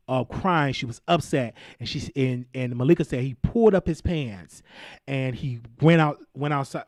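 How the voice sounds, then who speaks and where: A man's voice: mid-range voice, a little mellow, no room sound. Earnest man host in dry commentary. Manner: earnest, halting, many restarts. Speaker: podcast host. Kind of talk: casual commentary.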